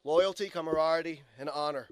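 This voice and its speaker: Male eulogist, higher pitch, storytelling tone, dry recording. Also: a little fast, clear, resonant tone, no room sound. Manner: earnest storytelling with quoted asides. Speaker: eulogy speaker, colleague. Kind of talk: memorial eulogy. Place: funeral home chapel.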